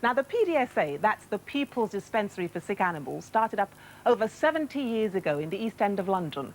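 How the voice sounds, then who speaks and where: A woman's voice: medium pitch, sing-song, brisk, slight background noise, low-quality recording. A woman reporting live from an animal clinic, chatty and affectionate. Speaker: location reporter. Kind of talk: live outside broadcast presenting.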